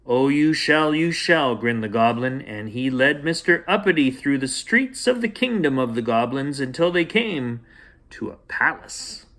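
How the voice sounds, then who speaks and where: A man hosting and reading a bedtime story aloud in a gentle, playful way for children. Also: mid-range voice, sing-song, normal speed. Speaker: storyteller host.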